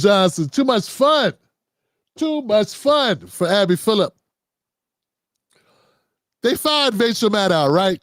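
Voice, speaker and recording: A man's voice: sits high, no echo, studio quality. A man hosting his own show, giving mocking, profane comedic commentary on media figures. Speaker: host.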